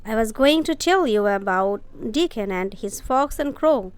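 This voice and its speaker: Woman reading as Mary, a bossy, sharp-tongued girl. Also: a little high, lively intonation, unhurried, clean tone, dry recording. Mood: sharp, scolding. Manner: snappish and scolding.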